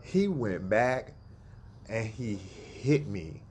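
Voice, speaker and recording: A man casually telling a story, animated, acting out quotes and laughing at himself. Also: fairly low pitch, extremely slow, a little hiss or hum. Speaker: storyteller guest.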